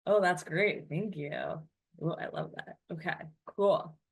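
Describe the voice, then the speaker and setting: A woman teaching a class on classical texts, reading passages aloud and translating them in a chatty, animated way. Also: lowish voice, unhurried, slightly rough. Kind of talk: text study class.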